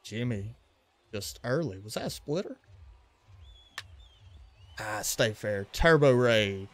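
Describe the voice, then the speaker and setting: A man's voice: mid-range voice, measured pace, pauses often, dry recording. A man from western Louisiana with a Louisiana accent, livestreaming a baseball video game, casually commenting on plays and chatting with viewers. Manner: relaxed, chatty, reacting to plays and greeting chat. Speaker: gaming livestreamer.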